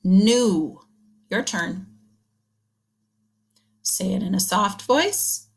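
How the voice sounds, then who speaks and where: A woman teacher leads an early reading lesson, talking slowly and patiently. She sounds out short words letter by letter and cheers the children on warmly. Her pitch sits in a middle range. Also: animated, vocal fry, husky. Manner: slow, encouraging, sounding words out.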